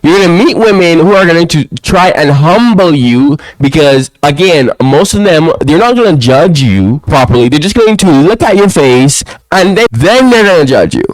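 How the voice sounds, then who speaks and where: A young man ranting to camera in a casual monologue at home, often tacking a low "bro" onto his lines. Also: animated, normal speed, hardly any pauses, no room sound, low-quality recording. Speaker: vlogger. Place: quiet home, alone.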